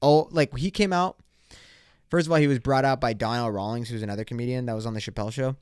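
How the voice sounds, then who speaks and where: A young man rants into a close, dry mic on his solo podcast, his voice smooth and resonant. He swears constantly, drops bro slang, and rambles through stories. He acts out both sides of made-up run-ins. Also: medium pitch, fast talker, dry recording. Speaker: podcast host. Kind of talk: casual solo podcast rant.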